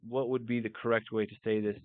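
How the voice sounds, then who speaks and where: Teacher with a tinny phone sound. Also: male voice, on the low side, quick pace, no room sound. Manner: relaxed, thinks aloud, mixes in Spanish phrases. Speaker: English teacher. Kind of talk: live-streamed language lesson.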